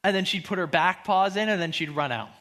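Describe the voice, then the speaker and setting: Young male preacher, 20s, high and bright voice, animated storyteller. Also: brisk. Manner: animated storytelling, acting out quotes. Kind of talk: sermon.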